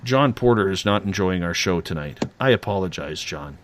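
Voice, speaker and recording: A man hosting a late-night radio talk show, animated and teasing as he rants. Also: low-pitched, normal speed, a little hiss or hum.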